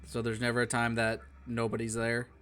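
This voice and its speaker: A man's voice: medium pitch, monotone, brisk, a bit bright, clean tone. A man with a mid-range voice, speaking as a player in a tabletop game. His manner is plain and matter-of-fact, with casual phrasing.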